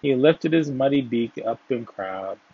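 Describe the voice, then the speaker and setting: A man reading a folk tale aloud in a gentle storytelling way, now and then restarting a phrase. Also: mid-range voice, expressive, a little slow, a little hiss or hum. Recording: dull, dry, lo-fi.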